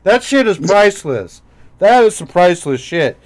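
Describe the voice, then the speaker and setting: A man's voice: high voice, big pitch swings, moderate pace. A man hosting a casual profane chat show with a Minnesotan accent, rambling and laughing as he mocks others. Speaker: host.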